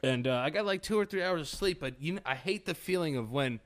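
A man's voice: on the high side, expressive, fast talker, fairly bright tone. A man co-hosting a podcast in crude, jokey casual chat, feeling sweaty and queasy from food poisoning. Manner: crude, jokey, swears freely. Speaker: podcast co-host.

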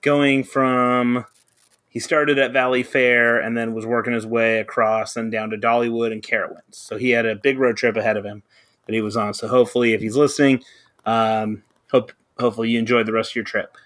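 A man's voice: mid-range voice, level tone, fairly quick, a bit bright. A young adult man co-hosting a podcast, telling a rambling anecdote full of fillers and casual swearing. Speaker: podcast co-host. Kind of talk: casual chat.

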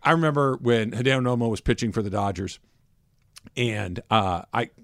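Guy on sports radio, chatty and animated, mid pitch, dry studio sound. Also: normal speed, dry recording. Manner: animated storyteller, swings up and down in loudness. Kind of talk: casual sports talk.

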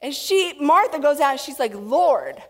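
A woman preaching a sermon to a congregation, animated and acting out quotes in different voices. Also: high-pitched, fairly quick. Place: church hall with audience. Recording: long reverb of a hall.

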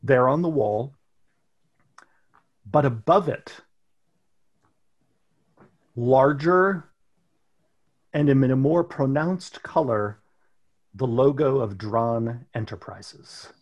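A man running a tabletop role-playing session, narrating scenes slowly and deliberately. His voice has a husky, slightly breathy edge, and he lets every detail land. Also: mid-range voice, animated, highs cut off. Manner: slow, deliberate scene-setting. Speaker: game master.

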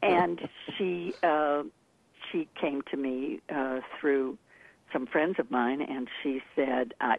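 Guest accent coach, a woman, animated storyteller, gravelly tone, phone-line sound. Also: very deep voice, takes it slowly, no echo. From Texas, part of childhood. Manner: animated storyteller, laughs often. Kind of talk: interview over the phone.

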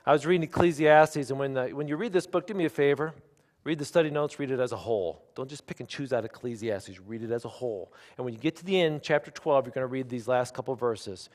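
A pastor in his forties preaching a sermon, shifting from hushed, intimate asides to loud, emphatic declarations. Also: mid-range voice, fast talker, in a large hall. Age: 40s. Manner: animated preaching, swinging from quiet asides to loud emphatic lines.

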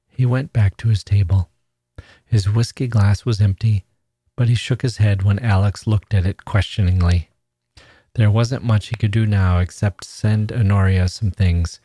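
A man, a podcast host, reading a classic short story aloud in a measured, even way. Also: on the low side, husky, dry recording, studio quality.

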